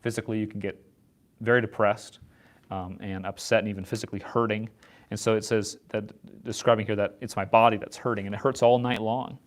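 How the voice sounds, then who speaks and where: A man leading an informal Bible study, talking in a halting way and often repeating words as he restarts his sentences. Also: on the low side, flat delivery. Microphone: set up far from the speakers.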